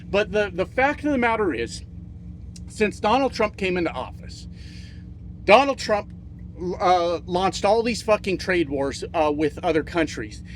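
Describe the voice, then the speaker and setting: A man's voice: high-pitched, expressive, measured pace, slight background noise. A man giving a profane, heated political rant as a trucking video creator, repeating himself for emphasis. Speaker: trucking YouTuber.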